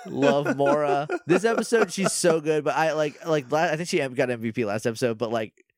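A man co-hosting a casual podcast, recapping a TV episode in lively conversation. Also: on the high side, a little fast, dry recording, clean studio sound. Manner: lively, animated, acts out lines from the show. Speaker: podcast co-host.

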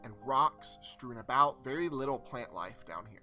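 A young man narrating a tabletop game as game master, relaxed and hesitant with frequent pauses. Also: mid-range voice, soft background music. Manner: relaxed, hesitant with many ums.

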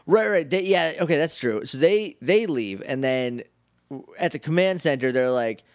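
A man's voice: fairly high pitch, animated, moderate pace, no echo, clean studio sound. A man co-hosting a podcast, casually recapping a TV episode and acting out the characters' lines for laughs. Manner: jokey, acts out characters' lines. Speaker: podcast co-host.

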